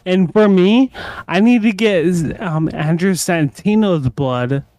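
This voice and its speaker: A man's voice: sits high, slow pace, darkish tone, no echo. A drunk man co-hosting a podcast, rambling and repeating himself with bursts of laughter. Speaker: podcast co-host. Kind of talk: casual chat.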